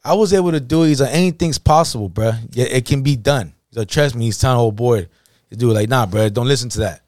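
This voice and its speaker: A man's voice: mid-range voice, fast talker, a little mellow, no echo, studio quality. A man co-hosting a casual podcast, telling a story in heavy slang and acting out the quoted dialogue. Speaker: podcast co-host.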